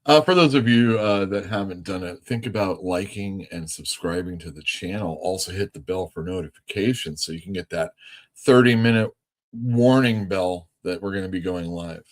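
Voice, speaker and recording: A comic shop owner hosting a casual livestream, rambling through anecdotes with many fillers. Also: male voice, low-pitched, normal speed. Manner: rambling, lots of fillers, laughs easily.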